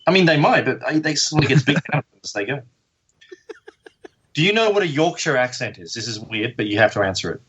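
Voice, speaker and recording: Aussie guy on a podcast, wry and chatty, bright voice with a bit of husk. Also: medium pitch, expressive, a little fast, husky, muffled recording. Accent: Australian. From Australia. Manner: chatty, wry, self-deprecating. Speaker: guest. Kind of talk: casual podcast chat.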